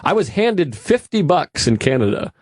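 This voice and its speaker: A man's voice: a little high, very animated, moderate pace, breathy edge, no echo, clean studio sound. A man co-hosting a comedy podcast, telling rambling anecdotes and acting out the people in them in casual chat. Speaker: stand-up comedian, podcast co-host.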